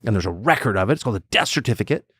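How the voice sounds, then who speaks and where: A man's voice: fairly low pitch, rapid-fire, breathy edge, no echo. A man in his fifties, a guest telling stories in a conversational interview and acting out quotes. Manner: animated storyteller who acts out quotes.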